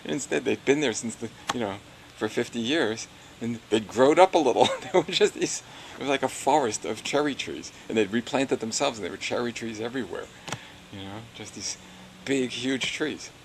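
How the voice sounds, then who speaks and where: Older man, gravelly voice, oral history recollection, rambling and chuckling. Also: medium pitch, normal speed, noisy background. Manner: rambling, chuckling, full of "you know".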